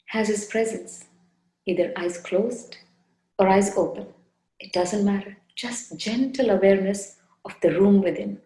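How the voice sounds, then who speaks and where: A woman spiritual teacher giving a devotional talk with guided meditation, soft, unhurried and gently coaxing, often repeating her phrases. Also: mid-range voice, roomy sound, rough recording. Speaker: spiritual teacher leading a satsang. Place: indoor room.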